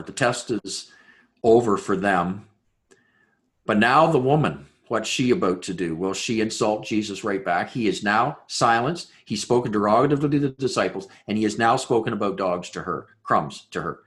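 A man preaching a sermon, building through rhetorical questions and dropping to a hushed voice for emphasis. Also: medium pitch. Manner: dramatic rhetorical questions, swings between loud and hushed. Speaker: pastor.

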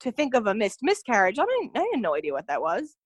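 Talking fast in a slightly high voice with huge swings in pitch, a young adult woman shares a personal story as a podcast guest. She's earnest and keeps saying "like" and "you know," with no room sound.

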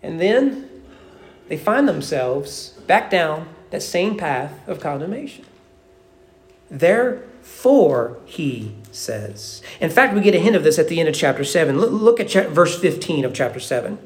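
A man's voice: on the high side, sing-song, moderate pace. A man preaching a Sunday morning sermon in a church, talking conversationally, often acting out the inner voices of believers and repeating words as he thinks aloud. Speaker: pastor. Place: church sanctuary.

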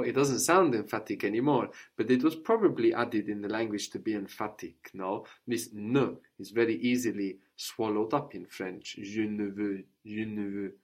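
A man teaching a French lesson, explaining patiently and repeating each phrase for his student. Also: fairly low pitch. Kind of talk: language lesson.

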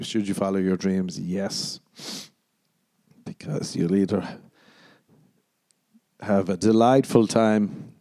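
A man hosts his own podcast alone and rambles through one rant after another. His voice sits fairly low and sounds mellow and relaxed. The talk is profane and sardonic, and he often mimics other people mockingly. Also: dry recording. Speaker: podcast host. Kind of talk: casual solo rant.

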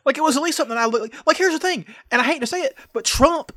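A man's voice: very high voice, rapid-fire, sharp tone. A young man from the United States co-hosting a casual podcast chat, ranting sarcastically and swearing often. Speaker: podcast co-host.

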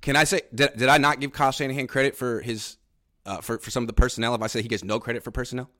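A man, a sports journalist, pushing back in a heated casual debate with quick, defensive rebuttals and bursts of laughter. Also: medium pitch, steady tone, fairly bright tone. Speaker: sports journalist covering the team.

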